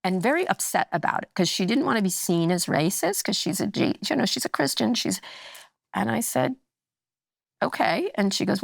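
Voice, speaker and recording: Gravelly, animated woman telling a story. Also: mid-range voice, normal speed, dry recording, studio quality. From United States. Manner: animated storyteller acting out quoted voices; blunt and profane. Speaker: podcast guest. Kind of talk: casual chat.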